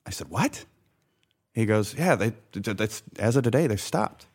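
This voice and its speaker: A man's voice: lowish voice, a little fast. A middle-aged man telling a story in conversation, acting out what others said and restarting his sentences often. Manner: animated anecdote teller, acts out quoted voices, many restarts. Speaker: guest, former bank sales desk worker.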